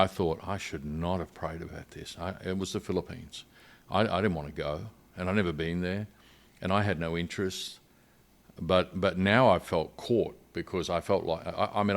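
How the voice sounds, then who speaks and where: A man's voice: low voice, creaky. An older man with an Australian accent, a missionary guest telling his story earnestly in a podcast interview.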